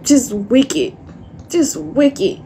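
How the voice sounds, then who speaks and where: A woman livestreaming an emotional monologue, upset and distressed, speaking haltingly, repeating phrases and trailing off into sighs. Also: fairly high pitch, sing-song, dark tone, slight background noise.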